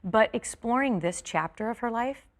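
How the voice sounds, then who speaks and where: A woman from California, a stage actress, chatting as an interview guest, tired and quick with many fillers and restarts. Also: a little high, expressive. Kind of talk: casual interview chat.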